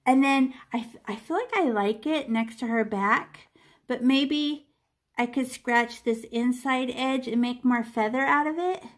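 Woman art teacher walking kids thru painting, kinda high voice, chatty and playful with little sound effects. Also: unhurried. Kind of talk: step-by-step painting lesson for children.

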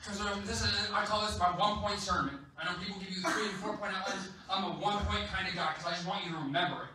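Casting an emphatic, playful male preacher with a high voice, heard from off-mic in a booming sanctuary. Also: fast talker, a little hiss or hum. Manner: animated storytelling, playful and emphatic. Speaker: guest preacher. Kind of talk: sermon. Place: church. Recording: echoey church hall, distant mic.

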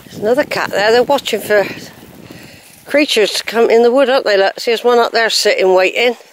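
Out on a countryside walk, a woman chats breathlessly into her handheld phone camera, cooing at the animals she passes. Her voice is a little high and brisk, with slight background noise in this casual vlog narration.

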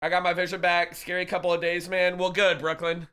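A young man live-streaming, chatting casually and excitedly with his viewers and reading their messages aloud. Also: sits high, a little fast, smooth. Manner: hyped, laughing, reads chat aloud.

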